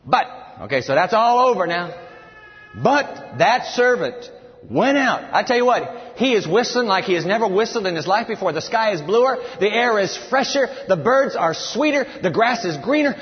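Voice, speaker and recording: A man preaching a sermon from scripture, emphatic and animated, telling his listeners to write things down. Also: high voice, moderate pace. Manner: animated and emphatic, tells listeners to take notes. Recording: reverberant hall, dull lo-fi sound.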